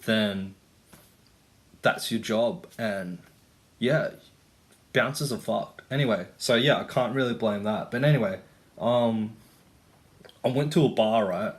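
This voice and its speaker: Slow and pausing often, this young man's lowish voice carries a rambling vlog rant full of stories. He curses freely and leans on "like" and "you know" constantly.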